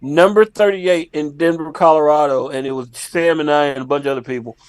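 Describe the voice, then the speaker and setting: High-voiced man telling a funny story. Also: fairly quick, dry recording. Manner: animated, laughing storyteller. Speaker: comedian guest. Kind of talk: casual podcast storytelling.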